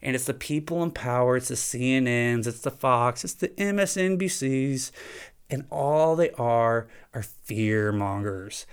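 A man talks straight into the mic on his own podcast, loose and conversational. His voice sits in a middle register, smooth and clear. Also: mid-range voice. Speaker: podcast host. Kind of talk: casual monologue.

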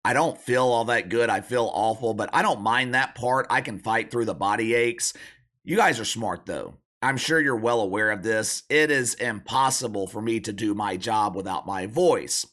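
A man with a sick, hoarse, croaky voice hosting a sports commentary channel, talking bluntly and sarcastically in an opinion monologue. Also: lowish voice, moderate pace, fairly bright tone.

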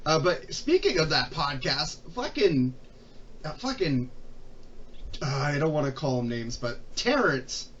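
A man's voice: fairly high pitch, big pitch swings, measured pace, far from the mic, dull audio, slight background noise. A man telling a story in casual chat, swearing often, heated and aggrieved. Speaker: podcast guest.

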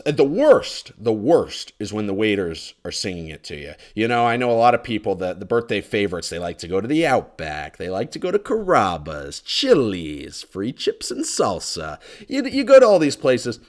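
Exasperated man ranting with lively pitch. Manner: exasperated, sarcastic, swings between loud outbursts and muttered asides. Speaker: ranting commentator. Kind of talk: comedic solo rant. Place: condo.

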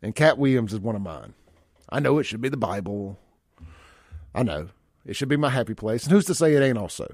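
Blunt radio host, dry studio. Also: male voice, mid-range voice, expressive, fairly quick, pauses often, darkish tone, dry recording. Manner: folksy, blunt, reads listener texts aloud. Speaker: radio talk show host. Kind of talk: casual talk radio chat.

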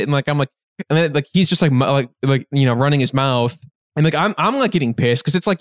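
A man's voice: on the high side, quick pace, no room sound, studio quality. A man telling a long, rambling anecdote as a podcast guest, full of fillers and restarts. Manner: rambling, filler-heavy, animated retelling. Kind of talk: casual storytelling.

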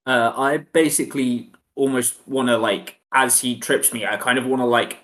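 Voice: medium pitch, steady tone, normal speed, a bit bright. A tabletop game player describing a move casually, with many fillers.

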